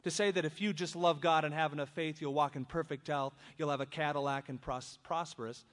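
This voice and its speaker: Man, pastor, sermon, scripture reading with casual asides, slightly high-pitched, long hall echo. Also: fairly quick. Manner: reads scripture, then breaks into lively conversational asides. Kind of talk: expository sermon. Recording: long reverb of a large hall.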